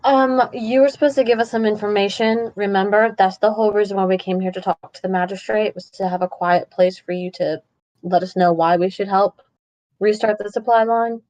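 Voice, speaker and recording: A woman's voice: medium pitch, fairly even intonation, a little fast, darkish tone, highs cut off. A woman player in a tabletop game, talking casually and wryly.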